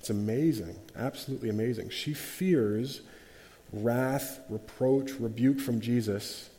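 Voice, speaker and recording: A man leading a group Bible study, his mellow, warm voice carrying a long reverb through the room. He talks with animation, acts out quotes and often restarts sentences. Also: mid-range voice, a little slow.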